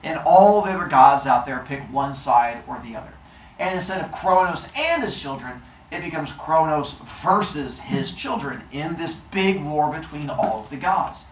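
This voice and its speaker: A man telling a silly myth story playfully, animated, with made-up sound effects. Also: fairly high pitch, normal speed, a little hiss or hum. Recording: roomy echo.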